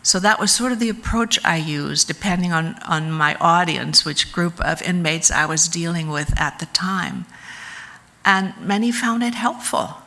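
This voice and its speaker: Slow, low-voiced woman teaching calmly. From United States. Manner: calm, measured, unhurried. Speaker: speaker at a church service. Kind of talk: gentle teaching talk.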